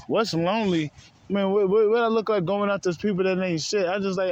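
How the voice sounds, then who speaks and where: A man's voice: sits high, fast. A man with a slightly raised voice vents in a heated, profane rant and keeps circling back to the same points. He calls his listeners bro over and over. A faint hum of traffic sits behind him. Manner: heated, profane, repetitive, says bro often. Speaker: spiritual vlogger. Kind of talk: casual rant to camera.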